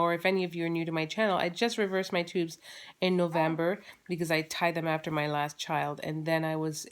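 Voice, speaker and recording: Chatty woman vlogger with a low voice. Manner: chatty, rambling, with frequent fillers and restarts. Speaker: vlogger, mother. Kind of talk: casual chat to camera. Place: at home, holding her baby.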